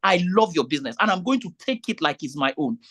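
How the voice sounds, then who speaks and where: A man's voice: fairly high pitch, lively intonation, fast, fairly bright tone, husky. A man, an event MC talking to vendors in a meeting, emphatic and pleading, often repeating himself. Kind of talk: meeting talk.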